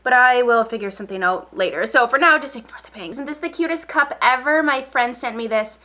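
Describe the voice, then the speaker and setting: Woman, beauty vlogger, bright clear tone, slightly high voice, rambling casual chat, repeats herself. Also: a little fast. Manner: talks while applying makeup. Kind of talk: casual get-ready-with-me chat.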